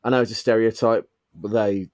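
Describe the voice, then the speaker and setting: A man's voice: lowish voice, fairly even intonation, a little fast, darkish tone, no echo. A young man from the of England, chatting casually and telling rambling stories with plenty of swearing. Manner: rambling storyteller, swears freely. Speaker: podcast host. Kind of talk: casual chat.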